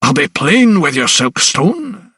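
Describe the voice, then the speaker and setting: A man's voice: sing-song, slow pace, pushed and bright, husky, no echo, exaggerated voice. A haughty elderly asylum principal, as a male audiobook narrator puts him on, talking down to his visitor in a lifted, condescending tone. The voice is dry and close, with no room around it. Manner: condescending, pitched higher.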